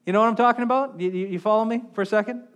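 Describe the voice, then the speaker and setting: A male pastor delivers a sermon in a church on a wireless mic. His voice sits high, and his delivery swings between fervent loud passages and soft, hushed ones. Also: rapid-fire. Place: church sanctuary. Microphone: wireless handheld mic.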